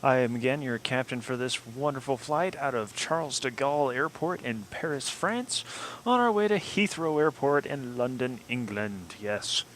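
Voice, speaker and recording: A man's voice: medium pitch, expressive, normal speed, a bit bright, a little hiss or hum, poor audio. A man hosting a casual flight simulator let's-play, chatting and explaining each step as he goes. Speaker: flight sim gameplay host.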